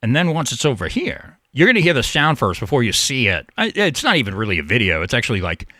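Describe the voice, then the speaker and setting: Lively, bright-voiced male radio host. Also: mid-range voice, quick pace, no echo, clean studio sound. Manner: rambling, profane, stammers and restarts. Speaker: call-in show host. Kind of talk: casual talk radio monologue.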